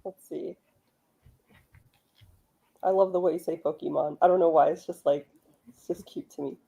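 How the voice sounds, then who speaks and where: A woman's voice: lowish voice, fairly even intonation, normal speed, gravelly, warm tone, husky. A woman with a Californian accent, hosting a casual chat and explaining things with examples. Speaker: host.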